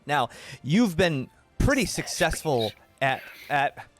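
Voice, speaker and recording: Higher-voiced man narrating as game master. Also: big pitch swings, slow, a bit bright, faint music behind. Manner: descriptive, hesitant with repeated words.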